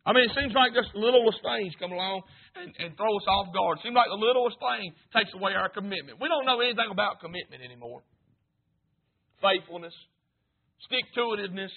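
A man preaching a sermon, swinging between fervent shouts and low murmurs. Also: expressive, a little fast, creaky, slightly rough. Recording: tinny, phone-like sound.

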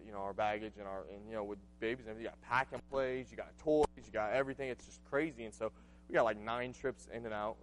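A man in his late twenties preaching a sermon, earnest and conversational, telling a personal story with frequent asides. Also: medium pitch. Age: 20s. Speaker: pastor.

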